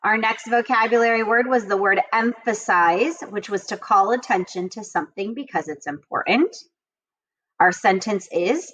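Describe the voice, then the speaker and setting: A woman teacher reading vocabulary words, definitions and example sentences to children, and repeating the sentences slowly and with emphasis. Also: medium pitch, fairly bright tone. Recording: dull lo-fi home recording.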